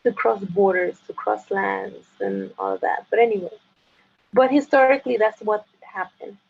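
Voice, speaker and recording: A woman guest in a casual chat who talks in halting bursts with many restarts and likes to tease. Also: mid-range voice, huge pitch swings, vocal fry. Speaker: interview guest. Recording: dull lo-fi sound.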